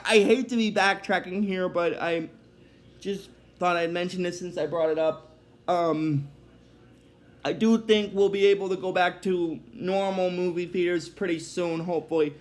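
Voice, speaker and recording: High-voiced man rambling through a recap. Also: darkish tone. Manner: rambling, hesitant, many fillers, apologetic. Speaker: episode recap vlogger. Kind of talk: casual episode recap.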